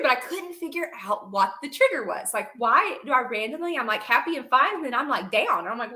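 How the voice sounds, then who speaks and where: A woman's voice: a little high, big pitch swings, fairly quick, hardly any pauses, bright, forceful tone. A young woman on a podcast, telling stories animatedly and laughing often between sentences. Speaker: podcast guest, reptile breeder. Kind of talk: casual storytelling chat.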